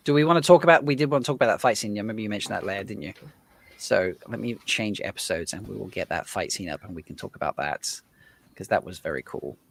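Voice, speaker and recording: A man's voice: on the low side, lively intonation, quick pace, vocal fry. A man hosts a casual livestream chat with guests. He talks in a loose, rambling way, full of fillers and easy asides. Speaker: host.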